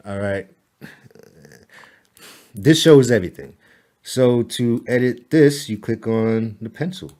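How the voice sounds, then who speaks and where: In this laid-back screen recording, a man shows a client how to edit their website, talking loosely and keeping things friendly. He says "all right" and "boom" over and over, chuckles at his own slips, and grumbles under his breath at the sluggish computer.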